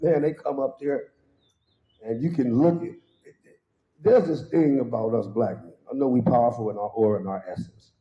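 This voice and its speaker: In a church hall that sounds roomy and slightly dull, a guest speaker at a worship service delivers a funny storytelling testimony at a moderate pace. Animated throughout, he performs quoted voices with sudden jumps to a high pitch and laughs along at his own punchlines.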